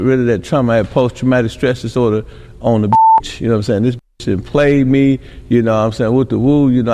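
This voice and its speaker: A man's voice: mid-range voice, warm tone, long reverb tail. A middle-aged man from Milwaukee telling rambling stories as a podcast guest, constantly tossing in "you know what I'm saying.". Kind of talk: casual interview storytelling.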